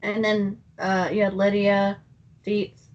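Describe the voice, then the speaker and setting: A woman co-hosting a casual chat, chiming in with quick questions. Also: medium pitch, monotone. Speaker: co-host. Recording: dull lo-fi recording.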